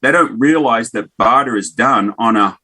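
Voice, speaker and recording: A man's voice: medium pitch, moderate pace, husky. A man in his fifties with an Australian accent, a business owner telling stories and jokes in a casual interview. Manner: jokey, animated storyteller. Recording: remote call.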